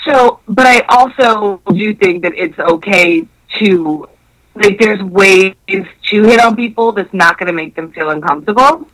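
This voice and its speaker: A young woman telling a story in casual chat, animated and swearing, acting out the voices in her quotes. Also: mid-range voice, measured pace, rough recording.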